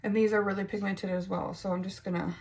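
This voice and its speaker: A woman's voice: medium pitch, flat delivery, fast, a little mellow. A woman beauty vlogger chatting casually through a makeup tutorial, self-mocking and stumbling over words now and then.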